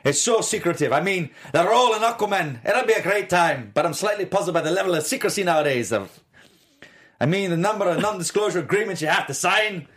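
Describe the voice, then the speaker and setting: A man putting on a hammy mock Scottish brogue, playful and overdone. The pitch leaps up and down in a lively way. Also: brisk.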